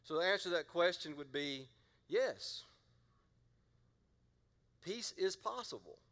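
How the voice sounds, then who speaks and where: A man's voice: sits high, expressive, takes it slowly, fairly bright tone, long reverb tail. A middle-aged man, a pastor preaching a sermon in a playful, conversational way and drawing the congregation into call-and-response.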